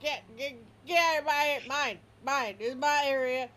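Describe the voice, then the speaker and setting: A woman voicing a dim, possessive male guard dog in a tabletop game. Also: normal speed. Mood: possessive shouting. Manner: shouting, squeaky and territorial.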